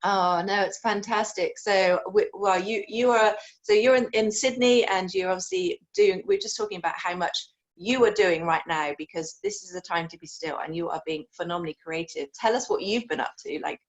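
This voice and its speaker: A woman's voice: medium pitch, moderate pace. Effusive woman hosting an interview. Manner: effusive, rambling, self-correcting. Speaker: show host. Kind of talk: enthusiastic interview.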